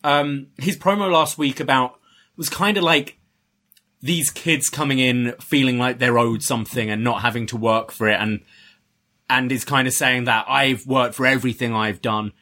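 A man with a bright, forceful tone and a mid-range pitch, sharing his opinions in a casual chat. He sounds eager and stumbles into restarts as he builds his points. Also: normal speed. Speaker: podcast co-host.

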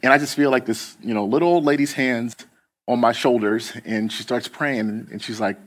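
A man's voice: mid-range voice, fairly even intonation, moderate pace. A man preaching a casual storytelling sermon, loose and chatty, with many fillers and restarts.

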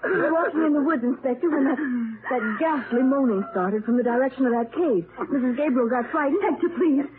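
A woman's voice: high-pitched, a little fast, crowd noise, natural voice. An actress playing a frightened young woman, breathless and pleading, in 1930s radio acting. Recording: tinny, noisy 1930s radio broadcast.

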